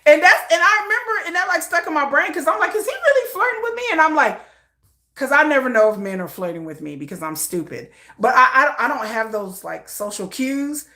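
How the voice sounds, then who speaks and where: A woman vlogger telling a story in a chatty, animated way with lots of fillers. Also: high voice, a little fast, roomy sound. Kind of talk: casual storytelling.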